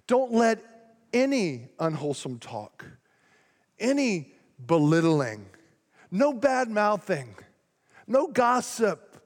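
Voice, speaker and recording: A male pastor preaching a sermon, passionate and quick to get loud and fired up as he makes his points. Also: high-pitched, sing-song. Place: church sanctuary. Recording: long reverb of a large church hall.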